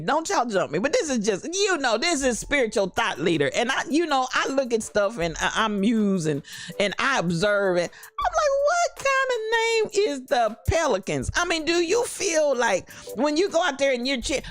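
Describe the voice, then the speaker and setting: A woman's voice: a little high, no echo. Playful woman chatting with her audience. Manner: playful, musing, reads chat names aloud. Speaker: host. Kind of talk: casual live-stream chat.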